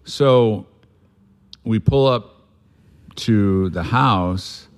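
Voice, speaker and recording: Man, very low voice, blunt, swears freely, rambling but earnest storyteller. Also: extremely slow, clean tone. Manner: earnest and reflective about making amends. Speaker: guest sharing a recovery story. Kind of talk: candid conversational storytelling.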